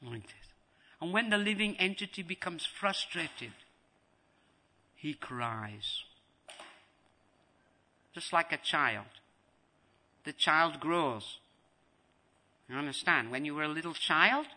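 A man giving a devotional lecture as a spiritual teacher, repeating phrases for emphasis and acting out scenes. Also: a little high. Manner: animated, acts out scenes.

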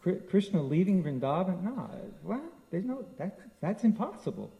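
Guy putting on a frantic mom who won't believe it, high and scolding. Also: sing-song, normal speed, vocal fry, lo-fi sound, heavily acted. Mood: incredulous. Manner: incredulous, scolding, rising pitch. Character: frantic disbelieving mother refusing her son's departure.

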